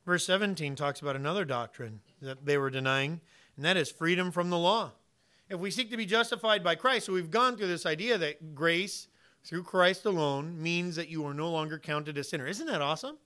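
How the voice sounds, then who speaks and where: A man preaching a sermon, emphatic, swinging from quiet asides to loud, punchy points and acting out imagined conversations. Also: fairly high pitch, a little fast. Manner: uses vivid hypotheticals and plays out imagined dialogue. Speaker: pastor.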